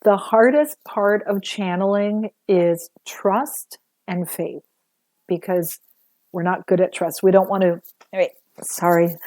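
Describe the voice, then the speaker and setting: A woman speaks in a casual livestream talk about spiritual channeling, chatty and earnest, with plenty of ums and little acted-out quotes. Her voice sounds mellow and relaxed, at a middle pitch. The recording is dry and close, with no room sound. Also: measured pace, no room sound. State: a little sore after a busy day.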